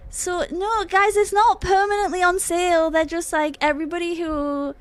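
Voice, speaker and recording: A young woman streaming, chatting casually with viewers in a joking, mock-dramatic way, laughing often and swearing now and then. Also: sits high. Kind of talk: casual live-stream chat.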